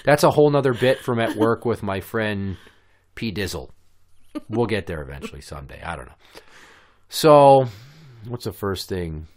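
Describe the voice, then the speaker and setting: A man's voice: on the low side, lively intonation, normal speed, pauses often, a little mellow. A man hosting a podcast, telling a story in a blunt, sarcastic, profane rant. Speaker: podcast host. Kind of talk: casual ranting storytelling.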